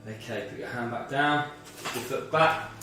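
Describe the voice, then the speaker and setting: A man's voice: mid-range voice, unhurried, very echoey, recorded from a distance, over music. A man leading a guided movement and mindfulness workout as a fitness instructor, slightly out of breath, talking through each move step by step. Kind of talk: guided exercise class.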